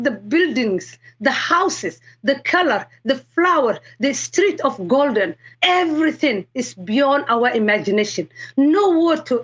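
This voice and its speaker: High-voiced excited woman from Somalia. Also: measured pace, lo-fi sound. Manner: animated, excited storytelling with quoted dialogue. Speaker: guest sharing a conversion testimony. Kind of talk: emotional personal testimony.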